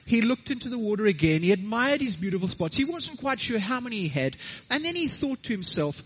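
A man preaching a sermon, an animated storyteller with chatty asides, in a church hall. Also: high voice, a little fast, few pauses, dull audio, a little hiss or hum. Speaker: pastor.

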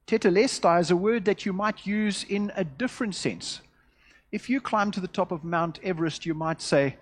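A man preaching a sermon, measured and deliberate, swinging from loud emphasis to hushed, quiet endings. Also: a little high. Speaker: pastor.

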